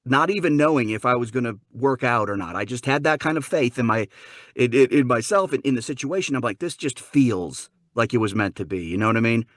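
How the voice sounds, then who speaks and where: A man from Wisconsin in a lively interview, telling a story with a voice that swings up and down. The sound is close and dry, with no room around it, and he acts out the people in his story. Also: mid-range voice, fast talker, dry recording. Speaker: guest, dialect coach and narrator. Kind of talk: animated storytelling in a chat.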